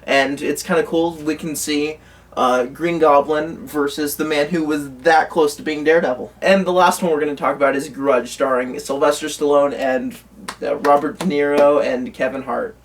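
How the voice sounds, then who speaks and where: Guy with a kinda high voice rambling about movies, um and uh a lot, sounds a bit far from the mic. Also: fairly even intonation, moderate pace. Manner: rambling, many fillers and restarts. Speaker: co-host. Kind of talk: casual chat about movie news. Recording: voice from away from the mic.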